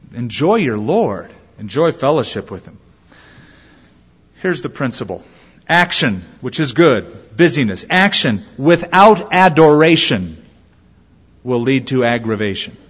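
A man's voice: on the high side, sing-song, a little slow, slightly rough. A man preaching a sermon as a pastor, acting out quoted voices as he goes. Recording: lo-fi with long hall reverb.

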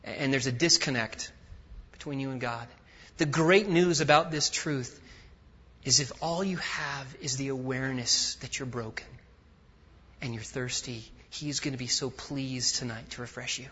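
A man preaching a sermon as a guest speaker, swinging from loud emphatic peaks to quiet, intimate asides. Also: mid-range voice, normal speed, husky. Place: large church sanctuary. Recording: dull audio with long hall reverb.

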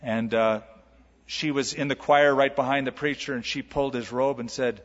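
Emphatic preacher, reverberant lo-fi. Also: male voice, mid-range voice, normal speed. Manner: animated, emphatic, humorous. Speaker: pastor. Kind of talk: sermon. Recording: lo-fi with long hall reverb.

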